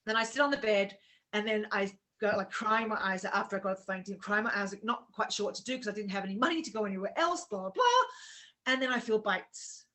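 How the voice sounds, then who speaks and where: Bright-voiced woman telling a story. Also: mid-range voice, fast talker. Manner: emotional storytelling, acts out quoted dialogue. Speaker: co-host. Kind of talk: casual chat.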